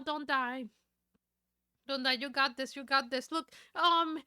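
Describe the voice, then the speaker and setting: High, bright-voiced cooing woman streamer. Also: unhurried. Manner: gushing, cooing baby talk at a cat video. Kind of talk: casual livestream reaction chat.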